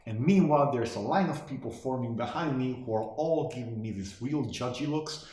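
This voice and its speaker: An actor playing a cynical, washed-up male horse, a former sitcom star, delivering a sardonic, deadpan eulogy monologue. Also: medium pitch, brisk, natural voice. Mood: bitter. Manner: sardonic, deadpan, self-deprecating. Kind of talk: comic monologue performance. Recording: very echoey room.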